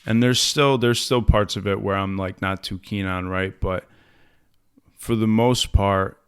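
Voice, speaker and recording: On a studio podcast mic, a young adult man talks frankly about recovery, cursing and recounting stories with quoted lines. His lowish voice is clear and resonant, steady in tone, at a measured pace.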